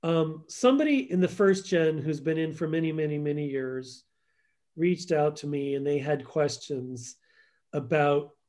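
Brief: man, interview guest, higher-pitched voice, storytelling, acts out quotes. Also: a little slow, darkish tone. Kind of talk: conversational podcast interview.

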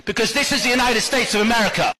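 A man with a British accent giving a forceful, defiant public speech at a school board meeting, lecturing the officials. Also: very high-pitched, very fast, a little hiss or hum.

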